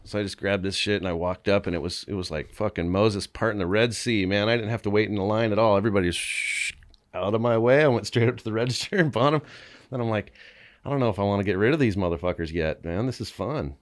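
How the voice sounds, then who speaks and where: A man, a podcast guest, telling crude anecdotes in a casual, animated way, swearing often and laughing as he goes. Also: lowish voice, quick pace. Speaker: podcast guest, band member. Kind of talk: casual storytelling.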